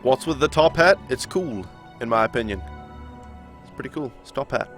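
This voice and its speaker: A man's voice: mid-range voice, expressive, normal speed, fairly bright tone, faint music behind. A man streaming a game live, chatting casually and arguing with viewers in chat. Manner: chatty, argumentative, reading and answering chat.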